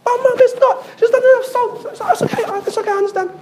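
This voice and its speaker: A man's voice: steady tone, fast, darkish tone, slight background noise. A man playing a fussy young husband who complains about his wife's cooking, in a whiny, exaggerated voice. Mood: protesting. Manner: whiny, exaggerated, high-pitched.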